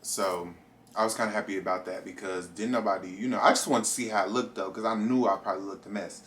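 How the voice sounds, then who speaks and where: A young man vlogging a casual storytime, animated and acting out his own reactions as he goes. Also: on the low side, fast talker, a little hiss or hum.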